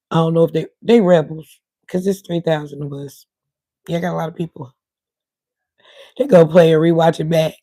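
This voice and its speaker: Mellow-voiced woman streaming. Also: fairly low pitch, no room sound. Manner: rambling, talks to viewers in chat. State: voice cutting in and out. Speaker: livestream host. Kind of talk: casual livestream chat.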